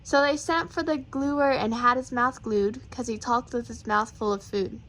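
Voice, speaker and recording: High-voiced woman reading rhymes playfully. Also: normal speed, low-quality recording. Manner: playful, rhythmic, expressive. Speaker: reader. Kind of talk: reading children's poems aloud.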